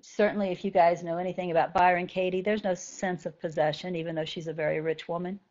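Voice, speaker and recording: A woman's voice: on the low side, level tone, fast, darkish tone, lo-fi sound. A woman spiritual teacher talking conversationally to a group of students and often checking in with "right?".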